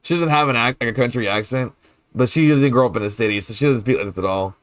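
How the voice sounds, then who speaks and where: A man's voice: mid-range voice, fast, dry recording. A man with a New Orleans accent chatting casually while streaming a game, laughing often and swearing loosely. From New Orleans, Louisiana. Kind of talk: casual chat over gameplay.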